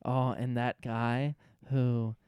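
Wry male sidekick host, smooth tone, close dry mic, trading jokes. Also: mid-range voice, level tone, slow, a little mellow, no echo. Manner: wry, riffs on the other host's jokes. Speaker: podcast co-host. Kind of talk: casual comedic recap chat.

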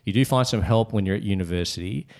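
Low-voiced male interview host. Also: fast. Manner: long, flattering summarizing questions. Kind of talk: interview questions.

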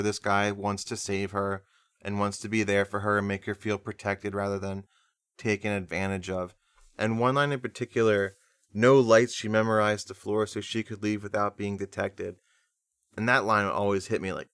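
A man's voice: fairly low pitch, a bit bright, smooth, no echo, studio quality. A man co-hosting a music podcast, chatting casually with a nasal voice, rambling and laughing easily. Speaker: podcast co-host.

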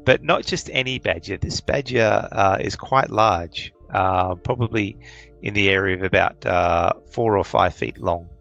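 Hesitant low-voiced man as game master. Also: measured pace, creaky, a bit bright, dull audio, faint music behind. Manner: hesitant, lots of ums and uhs. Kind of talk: narrating a tabletop game.

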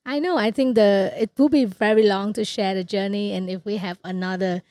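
A woman's voice: medium pitch, fairly even intonation, fairly quick, warm tone, no room sound, clean studio sound. A woman from Vietnam, a guest mentor in an interview, chatting in non-native English with many "like" and "so" fillers. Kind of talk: conversational interview.

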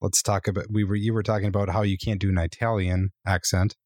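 A man's voice: deep voice, little pitch movement, fast talker, darkish tone, no room sound, studio quality. A man co-hosting a podcast, rambling and opinionated, full of fillers. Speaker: podcast co-host. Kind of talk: casual chat.

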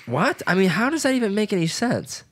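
A man's voice: sits high, very animated, a little fast. A man in his twenties chatting casually, rambling with lots of filler words and swearing. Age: 20s. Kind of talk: casual chat.

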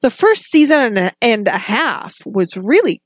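A woman's voice: a little high, very animated, normal speed, no room sound. A woman co-hosting a casual podcast chat about a film, talking with enthusiasm and frequent restarts. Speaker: podcast co-host.

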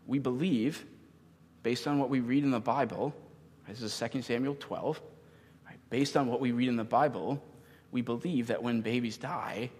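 A man in his thirties, a pastor giving a sermon in an earnest, halting way with many pauses. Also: medium pitch, a little mellow, in a large hall.

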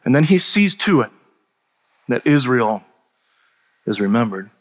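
A man preaching a sermon, animated and emphatic, often restarting his sentences. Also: medium pitch, unhurried. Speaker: pastor and teacher. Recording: long reverb of a large hall.

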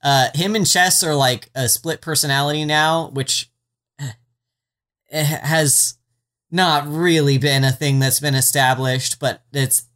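This mid-range voice is slow and fairly bright, with fairly even intonation. Casually recapping a TV series on a podcast, the co-host rambles and breaks off mid-thought, filling asides with "like" and "um," a sarcastic edge, and the odd swear.

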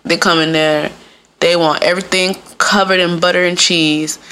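A woman from the Midwest hosting a podcast in a casual comedic monologue, talking in an animated way and acting out the voices of the people she quotes. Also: lowish voice, moderate pace, a little hiss or hum. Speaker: podcast host.

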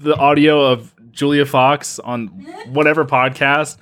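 A man co-hosting a podcast, chatting casually and rambling through his stories with halting restarts. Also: fairly high pitch, little pitch movement, a bit bright. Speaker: podcast co-host. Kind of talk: casual chat.

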